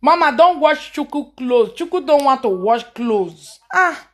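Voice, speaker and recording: A woman talks in a high voice, taking her time over each phrase. She films a casual home vlog, coaxing and teasing with frequent laughter. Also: expressive, measured pace, reverberant. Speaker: vlogger filming her family.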